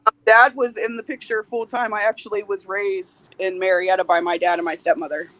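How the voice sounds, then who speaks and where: A woman's voice: mid-range voice, fairly even intonation, brisk, a bit bright, no echo, poor audio. A woman in her forties, a podcast guest speaking candidly in a blunt, plain-spoken way and swearing freely. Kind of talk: candid interview talk.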